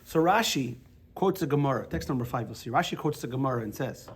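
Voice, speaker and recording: A man teaching a Torah class in a chatty, halting way, telling jokes and restarting his sentences. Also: mid-range voice, animated, breathy edge.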